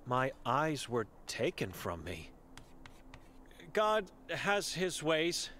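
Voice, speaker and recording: A man's voice: a little high, very animated, extremely slow, sharp tone, a little hiss or hum, heavily acted. A man reading the chalkboard words of an old blind, mute woman in a game, in terse, broken phrases. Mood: grim.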